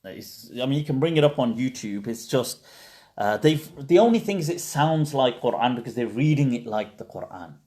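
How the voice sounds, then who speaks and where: A man's voice: mid-range voice, expressive, normal speed, warm tone. A man hosting a live question and answer session, explaining at length in a conversational way with many fillers and restarts. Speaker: Islamic scholar answering questions. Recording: livestream.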